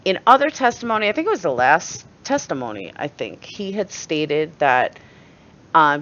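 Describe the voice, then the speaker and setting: New york lady ranting low and sarcastic, swears a lot, voice jumps all over, muffled lo-fi sound. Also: big pitch swings, normal speed, a bit bright. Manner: blunt, sarcastic, swears freely. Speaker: channel host. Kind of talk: opinionated commentary.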